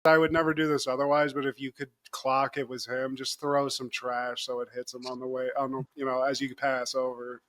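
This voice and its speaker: A man's voice: mid-range voice, fairly quick, hardly any pauses, dry recording. A man co-hosting a podcast, chatting casually and playfully acting out comedy sketch lines. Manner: animated, jokey, acts out sketch lines. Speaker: podcast co-host.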